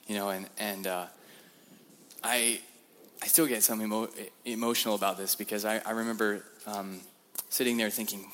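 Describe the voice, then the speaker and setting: A young man with a low voice gives a sermon-style testimony from a church platform. He tells his story in an animated way, stumbling and repeating words, and acts out the quotes in it. The sound carries a long reverb from the large sanctuary. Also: a little fast, slight background noise. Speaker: guest speaker.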